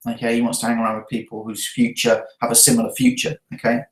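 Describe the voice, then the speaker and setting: A man's voice: mid-range voice, monotone, fast, slight background noise. Man, sales coach, reviewing seminar notes, earnest, checks in often, echoey room. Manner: earnest, checks in with a frequent tag question. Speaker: network marketing trainer. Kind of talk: talking through event notes.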